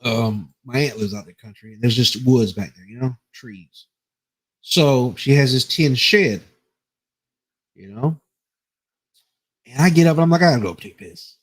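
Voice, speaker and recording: A man's voice: mid-range voice, a little slow, long pauses. A man on a podcast telling a rambling, profane story in casual chat, laughing as he goes. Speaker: podcast co-host.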